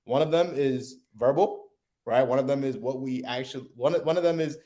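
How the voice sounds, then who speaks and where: A man's voice: mid-range voice, brisk, mellow. A man co-hosting a sales podcast, explaining in a loose, chatty way that often restarts and keeps checking in with "right?". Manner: loose, repeats himself, says "right?" often. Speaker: co-host, sales coach. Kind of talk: casual podcast chat.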